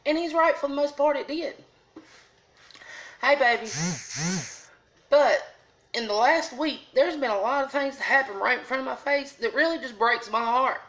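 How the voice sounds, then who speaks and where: A woman's voice: high-pitched, moderate pace, pauses often, a bit bright. Folksy woman chatting live. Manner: folksy, chatty, greets viewers by name. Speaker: live stream host. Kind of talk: casual live video chat. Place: salon, indoors.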